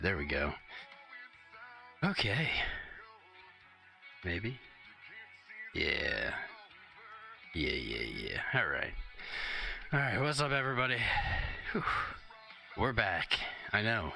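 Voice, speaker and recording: A man's voice: low-pitched, pushed and bright. A man hosting a casual crypto live stream, chatty and slangy, a bit out of breath and just woken up.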